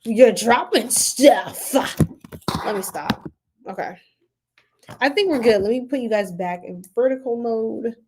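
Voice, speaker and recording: A woman's voice: moderate pace, long pauses, slight background noise. Playful laughing woman reading tarot. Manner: playful, laughing often, swinging pitch and loudness; slangy, repeats phrases. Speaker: tarot reader. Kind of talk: casual tarot reading livestream.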